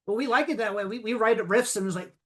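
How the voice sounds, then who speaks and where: Bright, high-voiced joking band member. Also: male voice, fast talker. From United States. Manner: joking, laid-back. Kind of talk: casual interview chat.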